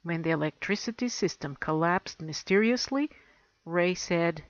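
A woman's voice: on the low side, expressive, a little slow, no room sound. Woman reading a story on a dull recording. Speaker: story reader, blogger.

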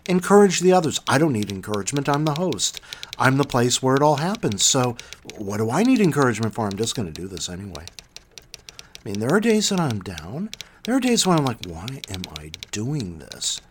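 A man hosting his own podcast in casual solo talk, self-mocking and animated, swinging between loud bursts and muttered asides. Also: mid-range voice, fairly quick, slight background noise. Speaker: podcast host.

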